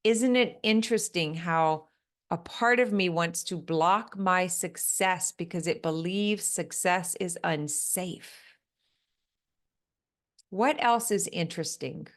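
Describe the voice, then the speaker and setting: Slow, low-voiced woman coaching calmly. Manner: calm, soothing, guiding. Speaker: business coach. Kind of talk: coaching monologue with guided exercise.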